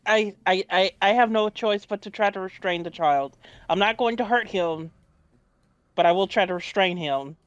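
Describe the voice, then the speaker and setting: A man's voice: sits high, moderate pace, fairly bright tone, clear, resonant tone, no echo, lo-fi sound. A man playing a tabletop game, hesitant and stammering. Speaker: player. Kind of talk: casual game play.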